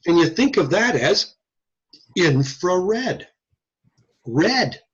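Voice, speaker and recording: A man lecturing on acoustics to a class, lively and posing questions to his students, with a husky voice. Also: high voice, drawn-out words, highs cut off. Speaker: audiology lecturer.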